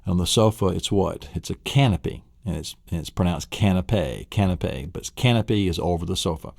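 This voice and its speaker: Low-voiced Southern man coaching memory. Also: fairly quick, creaky, darkish tone, no room sound, clean studio sound. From Tennessee, USA. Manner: enthusiastic, repetitive quizzing with vivid imagery. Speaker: memory trainer. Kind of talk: recorded vocabulary lesson.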